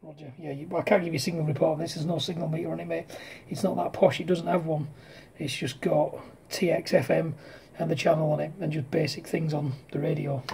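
Gravelly man speaking softly. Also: on the high side, flat delivery, fast, a little hiss or hum. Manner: talks close to the mic and quietly, with CB slang. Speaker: CB radio operator. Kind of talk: casual CB radio chat. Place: home at night, partner asleep. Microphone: close to radio handset mic.

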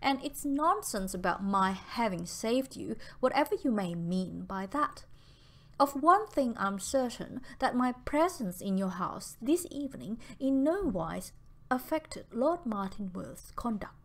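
A woman reading the part of a sensible young woman in an audiobook, firm and gently chiding. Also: a little high, sing-song, measured pace, heavily acted. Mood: brisk. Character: brisk, sensible young woman, kindly teasing.

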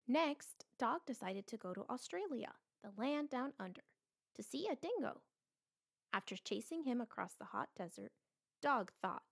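Gravelly woman reading a children's story. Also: fairly high pitch, measured pace, dry recording, studio quality. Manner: expressive storytelling. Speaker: storybook reader. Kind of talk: children's story read-aloud.

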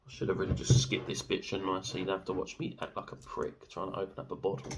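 A man's voice: low-pitched, monotone, fast, very noisy. A young man chatting casually in a sauce review vlog, rambling with fillers and swearing freely. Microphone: camera mic.

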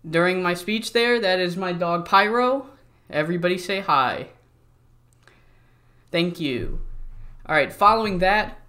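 Young male let's-play host, bright, slightly high voice, loose jokey rambling. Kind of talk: casual game commentary.

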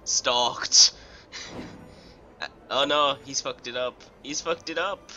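A young man giving casual, excitable let's play commentary, swearing and giggling often. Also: mid-range voice, unhurried. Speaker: gaming YouTuber. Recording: game music under voice.

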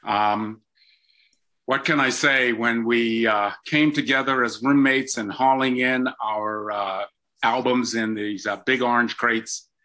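An older man, a guest in an interview, telling stories from his life in an animated way with frequent ums. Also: mid-range voice, takes it slowly. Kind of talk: storytelling in an interview.

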